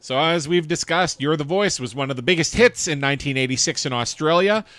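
A man's voice: on the high side, brisk. A man co-hosting a podcast in casual chat, reading facts and chart lists aloud and chuckling along. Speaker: podcast co-host.

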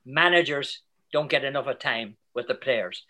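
An older Irish man, a soccer commentator, chatting as a guest in an interview in a chatty, storytelling way. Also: medium pitch. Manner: chatty storyteller, animated, quick asides. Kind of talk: casual interview chat.

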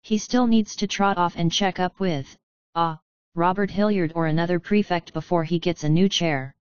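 A smug young nobleman, as a woman narrator plays him teases with dry sarcasm. Her voice is smooth and low. The recording sounds dry and a bit dull. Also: normal speed, no echo, natural voice. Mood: mocking. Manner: mocking, sarcastic.

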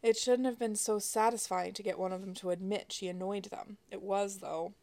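Author-narrator, woman, wry expressive audiobook reading. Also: mid-range voice, normal speed.

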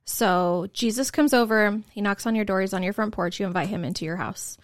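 A woman's voice: mid-range voice, fairly quick, dry recording, studio quality. A woman co-hosting a casual church talk, explaining steadily and laughing easily.

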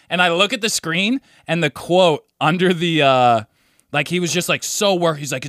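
A man's voice: fairly high pitch, moderate pace, fairly bright tone, no room sound, clean studio sound. A young man co-hosting a podcast, telling stories in a laid-back, profane way with lots of "dude". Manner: laid-back storyteller, swears, says dude a lot. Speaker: podcast co-host. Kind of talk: casual chat.

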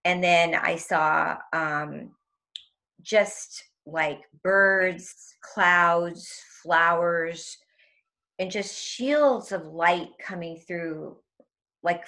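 A woman's voice: on the low side, very slow, creaky, pushed and bright. A young woman telling an intense personal story in an interview, emotional and tumbling, full of "like" and acted-out quotes. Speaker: guest.

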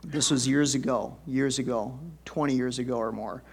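A man's voice: moderate pace, vocal fry, husky. Chatty middle-aged male pastor preaching. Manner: folksy and chatty, with sudden high excited bursts and soft low asides. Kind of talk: conversational sermon.

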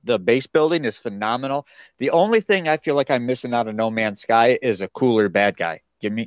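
A man's voice: medium pitch, no echo. A man in casual podcast chat, blunt and opinionated, rating games. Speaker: podcast co-host.

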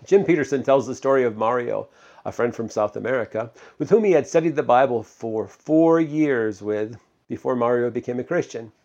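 A man's voice: medium pitch, moderate pace, darkish tone. Man giving a chatty sermon, dull sound. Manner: conversational, many fillers and rhetorical questions. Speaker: pastor. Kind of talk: casual sermon.

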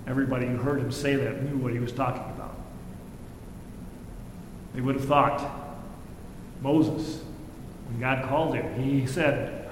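A pastor giving a sermon, reading scripture and then preaching in a conversational way, acting out the quoted lines with feeling. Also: male voice, steady tone, a little slow, long pauses. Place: church sanctuary. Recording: echoey hall with faint rumble.

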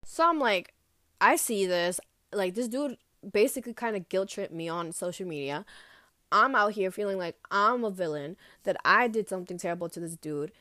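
A young woman vlogger telling a personal story in a loose, casual way, full of fillers and swearing, animated as she retells it. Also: medium pitch, no echo, studio quality.

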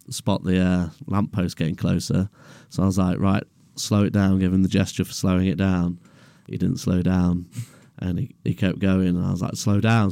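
A young man with a deep, gravelly voice, dark and mellow in tone, tells a story casually as podcast co-host in a garage. He swears freely and laughs through his own story. The sound is dry and close, with no echo.

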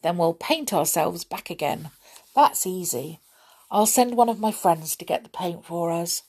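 A woman voicing an excitable small male brownie in a storybook, talking in a breathless, gushing way. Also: lowish voice, unhurried, breathy edge, heavily acted. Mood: excited.

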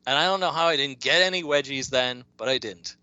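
A man's voice: mid-range voice, brisk, bright, forceful tone, smooth, no room sound, dull audio. A man in his fifties, co-hosting a podcast, telling childhood stories in casual chat and laughing often. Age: 50s. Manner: chatty storyteller, laughs often. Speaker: podcast co-host.

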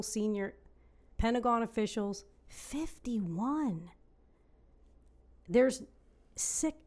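A woman's voice: mid-range voice, a little mellow. Chatty woman co-host, casual talk. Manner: restarts often, reads from a report. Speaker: podcast co-host. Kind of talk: casual political chat.

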